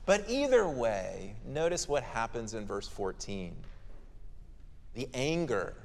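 A man's voice: mid-range voice, big pitch swings, takes it slowly, a little mellow. A male pastor preaching a sermon who explains scripture in a conversational, emphatic way, in a hall with long reverb.

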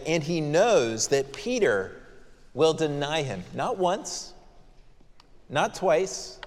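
A pastor giving an expository sermon in a church, explaining the text with conversational asides. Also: male voice, a little high. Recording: long reverb of a church hall.

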